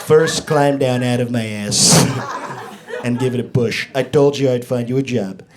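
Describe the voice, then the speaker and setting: A man voicing a blustering, boastful older male politician who talks in a slow, self-congratulating drawl, with a live crowd laughing. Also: mid-range voice, background noise, voice pushed down, natural voice.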